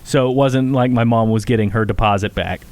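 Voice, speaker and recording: A man's voice: medium pitch, brisk, a little mellow, no echo. A man co-hosting a podcast, chatting casually and rambling through childhood memories. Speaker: podcast co-host. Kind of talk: casual chat.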